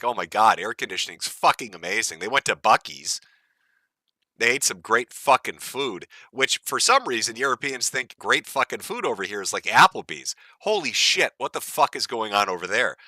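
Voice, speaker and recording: A man's voice: medium pitch, pushed and bright, no echo. A man hosting a livestream, ranting in a crude, mocking, profane way. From United States. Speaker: livestream host.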